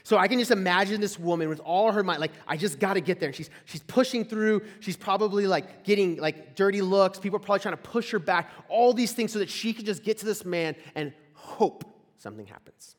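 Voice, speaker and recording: This young man, a campus ministry speaker, talks fairly quickly in a high voice and barely pauses at all. He's telling stories in a relaxed sermon before a live crowd in a big hall, peppering his talk with "like" and questions for listeners, and the recording carries a lot of echo.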